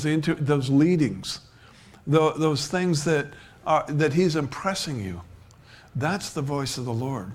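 A man preaching a sermon in a relaxed, conversational way, often restarting his sentences and chuckling between points. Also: on the high side, measured pace. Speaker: pastor.

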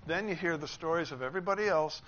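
Speaking quickly in a voice on the high side, a man preaches on a passage, bringing its people to life with escalating emphasis. The delivery is expressive, and the audio is slightly dull with a bit of noise.

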